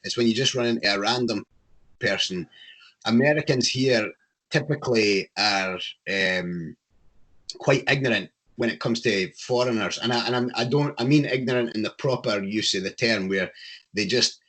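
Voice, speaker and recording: A Scottish man talking in a casual chat, his voice sitting on the lower side. He talks in an animated, opinionated way and gets passionate about his points. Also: normal speed. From Scotland.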